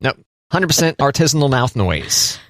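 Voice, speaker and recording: A man co-hosting a podcast in casual chat, teasing with deadpan jokes. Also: medium pitch, normal speed, dry recording, studio quality. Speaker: podcast co-host.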